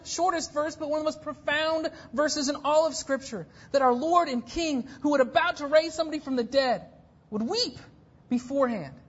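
A woman in her thirties preaches with a fairly high voice, pressing her points emphatically. She drops low and hushed, then swells into intense passages. The recording is dull and lo-fi. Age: 30s. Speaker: pastor. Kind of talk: sermon.

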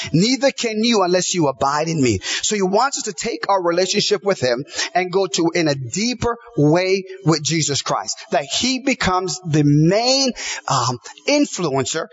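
A man's voice: high voice, muffled recording. A man preaching a sermon, emphatic, piling up repeated phrases and quoting scripture. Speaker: pastor.

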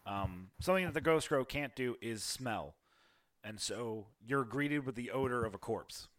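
A man's voice: medium pitch, expressive, moderate pace, fairly bright tone. Man narrating as game master. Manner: casual, hesitant, with many fillers.

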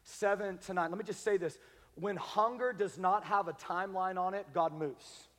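Man, pastor, sermon, high voice, emphatic rising delivery, church hall echo. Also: normal speed. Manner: preaching with rising, shouted emphasis. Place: large church sanctuary.

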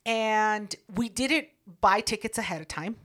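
A woman co-hosting a podcast, telling stories in a brash, profane, animated way. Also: mid-range voice, unhurried. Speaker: podcast co-host. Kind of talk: casual storytelling chat.

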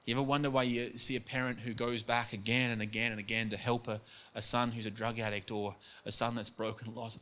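An earnest man preaches a sermon at an everyday mid pitch. He acts out quoted voices as he goes and repeats words for emphasis. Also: level tone, fast, bright, forceful tone. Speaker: pastor.

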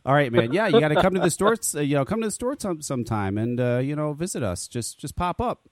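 A man's voice: on the high side, animated, quick pace. A man hosting a casual talk radio show, joking and swearing, often stammering and repeating words. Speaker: podcast host.

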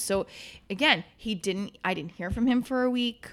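This is a woman comedian talking casually as a podcast guest. She tells her story in an animated way and does the other people's lines herself. She swears now and then, and her voice sits at a middle pitch. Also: normal speed.

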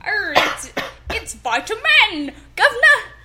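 A woman putting on a loud, hammy pirate voice with an exaggerated accent, doing a mock ad read on a podcast. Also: very high voice, big pitch swings, moderate pace, heavily acted. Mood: hammy boasting. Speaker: podcast co-host.

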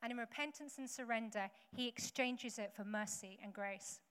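A woman with a slightly high, somewhat bright voice preaches a sermon at normal speed, keeping it conversational and tossing humorous asides to the congregation. She's in a church hall full of people, and the recording is echoey with faint background noise.

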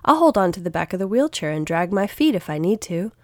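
A woman voicing a loud, careless young boy in a storybook. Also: fairly low pitch, very animated, fast, dry recording, studio quality. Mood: promising. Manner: loud, shouting.

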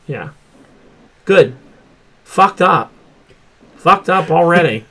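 A man's voice: fairly high pitch, expressive, very slow, pushed and bright. A man hosting a casual pop culture chat show, talking loosely and swearing freely. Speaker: podcast host.

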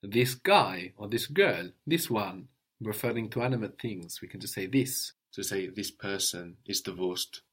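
A man teaching a language lesson, patiently drilling words, repeating a learner's answers slowly and praising them. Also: lowish voice, animated, a bit bright, slightly rough.

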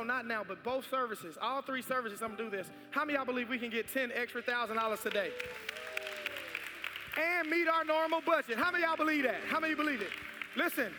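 A man leads his congregation in giving and prayer, pressing his appeals again and again. His voice sits very high and carries with long church reverb. Soft music plays beneath him. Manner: fervent, repetitive exhortation. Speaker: pastor. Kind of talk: sermon with offering and prayer. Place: large church sanctuary.

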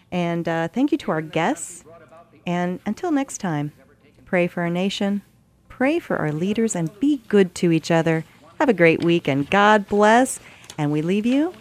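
A woman hosting a talk radio show, chatting earnestly and emphatically and laughing easily. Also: fairly low pitch. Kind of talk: casual talk radio chat.

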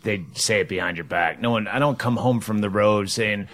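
A man's voice: lowish voice, moderate pace, a bit bright. Dry-talking man in casual chat. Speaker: comedian podcast co-host.

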